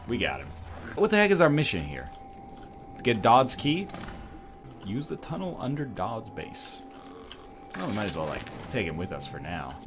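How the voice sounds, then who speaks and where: A man hosting a let's play video, riffing with quick jokes and sarcastic asides as he plays. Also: on the low side, huge pitch swings, over music. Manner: rapid joking riffs, sarcastic asides. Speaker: gaming video host.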